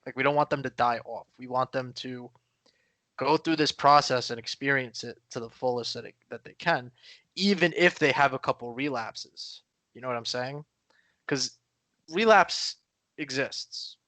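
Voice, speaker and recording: A man co-hosts a casual podcast chat, thinking aloud and circling back with fillers and restarts. His voice is bright and forward. It is recorded close and dry. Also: medium pitch, moderate pace, no echo. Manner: rambling, many fillers and restarts. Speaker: podcast co-host.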